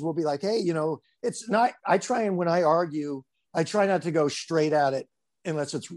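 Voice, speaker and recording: A man who coaches baseball, talking casually and rambling through stories with lots of fillers. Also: on the high side. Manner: rambling, relaxed storyteller with many fillers. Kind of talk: casual conversation.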